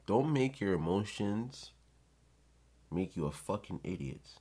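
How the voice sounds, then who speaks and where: A man's voice: low voice, expressive, measured pace, mellow, husky. A man giving blunt, profane advice in a casual rant to his viewers.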